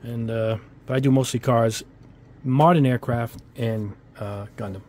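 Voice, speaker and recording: Speaking a little slowly with fairly even intonation, this man has a medium-pitched, darkish voice. He's a hobby model-kit YouTuber giving a casual, rambling product review at his bench, full of fillers and chatty asides, in a New England accent with Italian-American touches.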